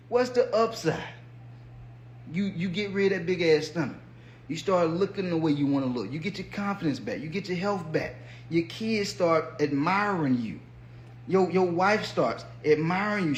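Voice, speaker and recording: A man with a high, light voice talks bluntly about discipline, swearing freely and acting out the doubts in people's heads. The room rings with a noticeable echo, and a faint hum sits underneath. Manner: blunt, profane, colloquial, acts out inner voices. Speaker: podcast host and fitness coach. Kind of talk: motivational monologue.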